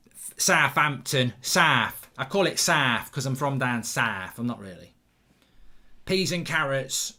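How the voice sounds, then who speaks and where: Bright-voiced chatty English football host. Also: male voice, medium pitch. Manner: chatty, rambling, reacting live to the match and reading viewer comments. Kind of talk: live match watchalong commentary.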